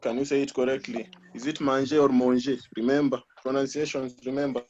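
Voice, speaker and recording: A man's voice: mid-range voice, fairly even intonation, fast, darkish tone, slight background noise. A man teaching a French class online, patiently correcting students and repeating answers. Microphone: video call. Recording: muffled video call audio.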